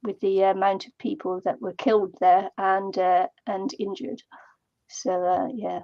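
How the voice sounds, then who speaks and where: Middle-aged woman, gravelly co-host, halting delivery, dull lo-fi sound. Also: medium pitch, little pitch movement, mellow, no echo. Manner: halting, many fillers. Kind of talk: casual chat while crafting.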